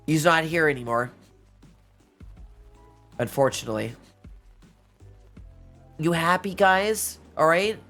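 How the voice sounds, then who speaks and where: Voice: medium pitch, a bit bright. Stuffy-nosed streamer, playful late-night chat. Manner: playful, teasing, laughs often. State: stuffy nose. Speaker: Twitch streamer. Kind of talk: casual live-stream chat with viewers.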